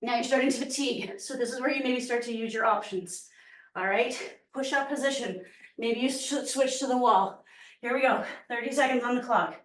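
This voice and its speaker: The woman leading this workout class speaks a little high at a moderate pace, out of breath as she cues moves and counts down reps. Sound comes from a far-off mic in an echoey space.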